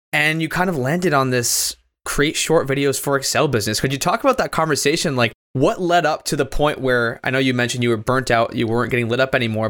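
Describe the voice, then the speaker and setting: A man's voice: mid-range voice, fairly bright tone. A man hosting an interview show, asking long, rambling, conversational questions. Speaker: podcast host.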